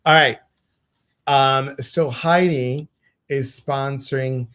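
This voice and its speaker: A man's voice: on the high side, slow pace, a bit bright. A man hosting a casual live-stream chat, effusive and rambling, full of fillers. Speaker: host.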